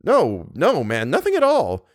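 A man voicing a jittery young hunter who stammers and turns sharp and brusque. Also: medium pitch, big pitch swings, normal speed, no room sound, studio quality, natural voice. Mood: tense.

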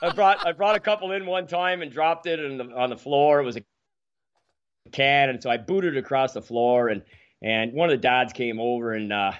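A man's voice: medium pitch, steady tone, normal speed, clean tone, lo-fi sound. A man in his forties from Ontario, a guest telling rambling, self-mocking stories in casual chat. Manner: rambling, self-mocking anecdotes with frequent restarts.

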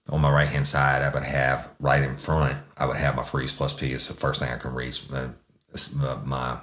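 A man's voice: rumbling low, fairly bright tone, roomy sound. A man who is a former police sergeant, telling a true-crime story in a blunt, profane, conversational way as a podcast host.

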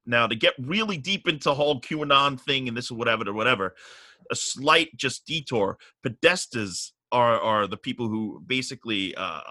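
A middle-aged man casually telling a long story on a podcast, animated and profane, getting riled up as he goes. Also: fairly low pitch, dry recording.

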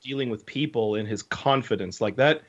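A young man tells a long camp story on a podcast, loose and animated, full of "like" and "kind of." His voice sits in an ordinary middle register. The recording sounds a little dull and lo-fi. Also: mid-range voice, moderate pace. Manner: animated storyteller, many fillers and acted quotes. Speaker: podcast co-host. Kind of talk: casual storytelling chat.

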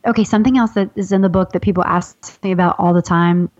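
Woman guest, lively storyteller, does the voices of people she quotes, laughs a lot, dry and slightly muffled sound. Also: fairly low pitch, fast talker, dry recording. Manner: animated, acts out quoted voices, laughs often. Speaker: guest author. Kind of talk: casual storytelling chat.

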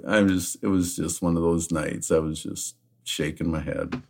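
A man co-hosting a podcast, telling a backstage anecdote in a casual, animated way and laughing often. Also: sits low, moderate pace. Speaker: podcast co-host, retired wrestler. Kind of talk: casual storytelling.

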